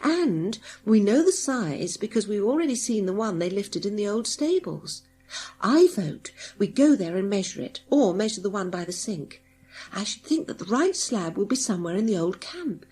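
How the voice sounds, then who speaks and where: A woman's voice: mid-range voice, big pitch swings, normal speed, darkish tone, husky, soft background music. A woman doing a sensible boy leader. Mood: decisive.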